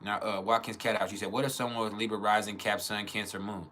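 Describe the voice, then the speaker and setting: Bright-toned man cracking crude jokes. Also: on the low side, level tone, quick pace, slight background noise. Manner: profane, joking, laughs often; acts out quotes in other voices. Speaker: astrology teacher. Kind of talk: casual monologue on astrology.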